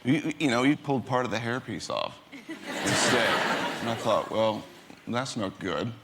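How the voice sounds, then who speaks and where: A man's voice: mid-range voice, animated, moderate pace. A man, an actor, telling a blunt comic anecdote as a chat show guest, laughing as he goes. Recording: loud hiss over the voice.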